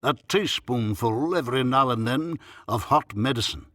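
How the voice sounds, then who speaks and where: A man voicing a pompous, red-nosed old male country doctor who speaks slowly and solemnly, in an audiobook. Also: medium pitch, a bit bright, no room sound, clean studio sound, close to an everyday voice. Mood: grave, pompous. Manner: slow, solemn and self-important.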